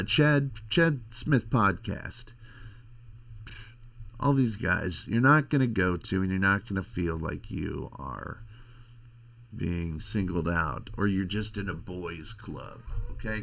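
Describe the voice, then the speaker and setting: A middle-aged man hosting a podcast, rambling in a crude, halting casual monologue. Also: low voice, creaky, fairly bright tone. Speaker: podcast host.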